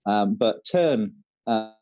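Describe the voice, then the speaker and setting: A man's voice: lowish voice, animated, takes it slowly, a little mellow, no echo, muffled recording. A man co-hosting an online quiz night in a chatty way, with a lot of ums and uhs. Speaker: quiz co-host.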